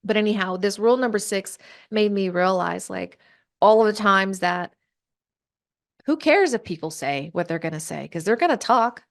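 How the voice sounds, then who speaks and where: Animated woman telling a story. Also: medium pitch, normal speed, vocal fry. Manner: animated, acts out quoted voices. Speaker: podcast guest. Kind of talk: storytelling in conversation.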